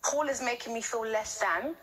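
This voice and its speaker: A woman's voice: a little high, normal speed, a bit bright, a little hiss or hum, poor audio. A woman speaking earnestly and a little hesitantly to a therapist about her relationship. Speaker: participant in a couples therapy show. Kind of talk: emotional confession to a therapist.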